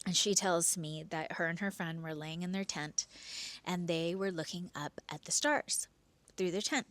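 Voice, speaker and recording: A woman hosting and telling her own true story, expressive, dropping into hushed whispers and swinging between slow and quick delivery. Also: fairly low pitch. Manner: pace swings between slow drawn-out and rushed. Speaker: podcast host telling a personal story. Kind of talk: first-person storytelling.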